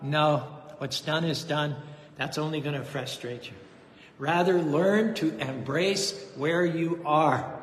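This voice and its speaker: A man's voice: fairly high pitch, a little slow. Man preaching in an echoey temple hall. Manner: dramatic, earnest retelling. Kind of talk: sermon with storytelling. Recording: echoey hall, faint noise.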